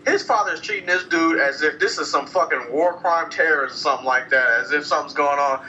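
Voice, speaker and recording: A man's voice: on the high side, quick pace, hardly any pauses, muffled recording, slight background noise. A man ranting casually about a movie, swearing a lot and acting out lines from it. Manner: animated, profane, acts out quoted lines. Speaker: movie reviewer. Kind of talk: casual profane movie rant.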